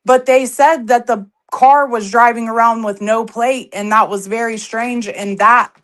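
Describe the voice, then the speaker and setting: Woman guest thinking out loud, lots of ums, kinda high voice. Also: fairly even intonation, measured pace. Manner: speculative, hesitant with many fillers. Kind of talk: casual interview talk.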